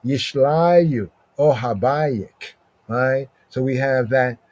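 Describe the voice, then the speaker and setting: A man teaches scripture at a very slow, measured pace. He repeats each phrase several times and often checks in with "right?" The recording sounds a little dull and lo-fi. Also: medium pitch, a little mellow, no echo. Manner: repetitive, drawn-out recitation with frequent "right?". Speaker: podcast teacher. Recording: slightly dull lo-fi audio.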